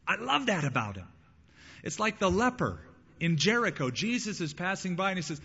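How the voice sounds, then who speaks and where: A man's voice: a little high, sing-song, brisk, sharp tone, slightly rough. Preaching man in a reverberant hall. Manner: preaching with rising bursts and acted quotes. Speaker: pastor. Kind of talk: sermon. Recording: lo-fi church hall with long reverb.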